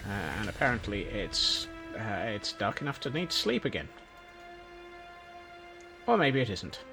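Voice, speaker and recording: Speaking at normal speed in a lowish voice with big pitch swings and vocal fry, a Scottish streamer rambles through casual gameplay commentary. He makes self-mocking jokes over faint background music.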